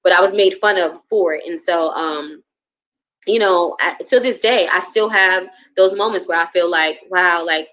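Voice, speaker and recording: A woman's voice: lowish voice, steady tone, measured pace, a bit bright. A woman talking candidly about her own experience, hesitant, with many fillers and restarts, acting out her doubting inner voice. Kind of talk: candid personal talk.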